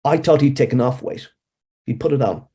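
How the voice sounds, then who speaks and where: A man's voice: medium pitch, brisk, warm tone, husky. An Irish man in his sixties, telling rambling stories as a guest in an interview. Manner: rambling, conversational storyteller. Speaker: hypnotherapist guest. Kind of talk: anecdotal storytelling in an interview.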